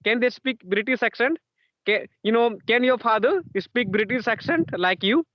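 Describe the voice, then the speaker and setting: A man's voice: very high-pitched, normal speed, no room sound, muffled recording. A man interviewing in casual conversation practice, repeating himself and filling gaps with "you know" and "yes, yes".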